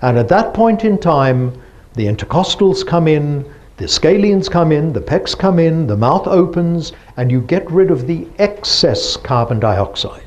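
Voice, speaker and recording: A man's voice: a little high, big pitch swings, unhurried, darkish tone. A man giving a lecture presentation, explaining step by step and asking the audience rhetorical questions.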